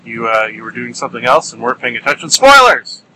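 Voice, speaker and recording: A man's voice: mid-range voice, fairly even intonation, rapid-fire, bright, forceful tone, a little hiss or hum, rough recording. A man hosts his podcast from a car while driving. He talks in a playful, rambling way, stretches words out for comic emphasis, and uses many fillers. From Ontario, Canada. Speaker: podcast host. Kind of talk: casual solo podcast monologue.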